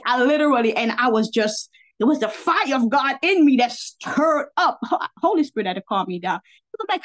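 A high-voiced woman preacher speaks to her online listeners in a loose, conversational sermon. She repeats her key lines for emphasis and keeps asking her audience for agreement. Now and then her delivery turns fiery and indignant. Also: very animated, moderate pace. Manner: fiery and indignant, with bursts of laughter. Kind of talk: informal livestream sermon.

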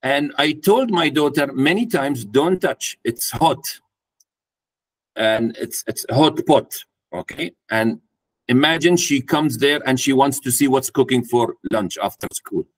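A man's voice: mid-range voice, expressive, a little slow. A man speaking to a live audience at a mentoring workshop, putting questions to the room and acting out a parent talking to a child. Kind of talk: interactive workshop talk.

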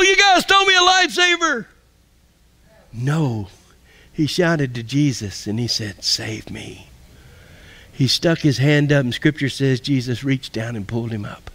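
A man preaching a sermon and leading an altar call, impassioned, swinging from loud calls to hushed near-whispers. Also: mid-range voice. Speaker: pastor.

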